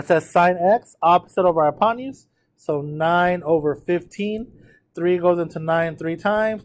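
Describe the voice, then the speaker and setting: A fairly high-voiced man teaching a math lesson in a classroom. He talks in a chatty, informal way, keeps asking the students if they're okay, and slows right down whenever he reads out numbers. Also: darkish tone. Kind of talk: classroom lecture on trig notes.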